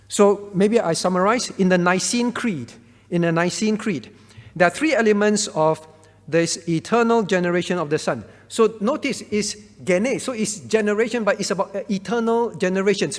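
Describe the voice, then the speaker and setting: Leading a Bible question-and-answer session, a pastor with a voice high for a man explains things step by step. He often checks that listeners are following, while the hall adds a long trailing reverb.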